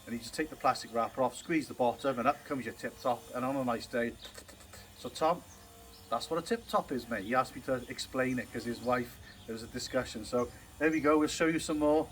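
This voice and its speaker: A man's voice: medium pitch, a little fast, fairly bright tone. A man, a building contractor giving a casual, down-to-earth how-to talk outdoors on a building site. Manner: chatty, down-to-earth, addresses viewers by name. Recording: noisy outdoor site recording.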